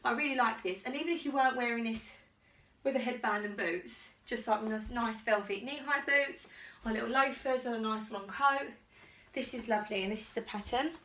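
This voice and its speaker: A woman's voice: fairly high pitch, a little fast, bright, forceful tone, slight background noise. Chatty woman in an echoey room. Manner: chatty, rambling, enthusiastic. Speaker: fashion vlogger. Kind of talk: casual try-on haul chat. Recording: echoey room, distant mic.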